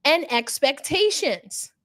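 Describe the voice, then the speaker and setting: A woman from New York City co-hosting a live sports podcast, chatty and animated, with nerdy asides and quick self-corrections. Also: sits high. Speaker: podcast co-host. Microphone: remote streaming setup.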